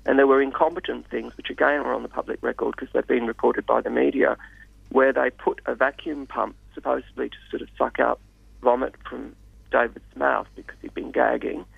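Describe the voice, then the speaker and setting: Gravelly man on a dull dry radio line. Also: mid-range voice, little pitch movement, no echo. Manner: measured, hesitant with many fillers. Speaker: radio guest. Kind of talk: radio interview.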